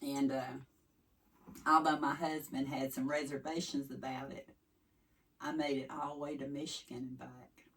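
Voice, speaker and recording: Speaking at a moderate pace, this East Tennessee vlogger has a deep bass voice with little pitch movement and a fairly bright tone. She chats casually with viewers in a folksy Southern way, rambling and drifting off topic. Her voice sounds slightly distant from the mic, with a touch of background noise.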